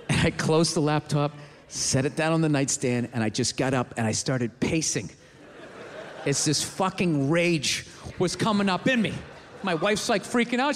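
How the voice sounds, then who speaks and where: Profane ranting stand-up comedian. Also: male voice, fairly high pitch, normal speed. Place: theater stage. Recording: reverberant theater, faint noise.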